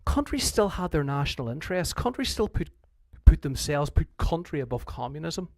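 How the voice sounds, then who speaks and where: A man's voice: on the high side, sing-song, moderate pace, vocal fry, no room sound. A man with a Northern Irish accent, a history teacher giving a conversational revision lecture who often restarts his sentences and acts out quotes.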